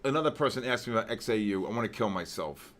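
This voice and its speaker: A man hosting a live trading session, excitedly shouting out viewers' names with heavy market jargon, then dropping to weary muttering over questions. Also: fast talker. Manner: drops to low, weary muttering while reading questions. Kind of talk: live trading-stream commentary.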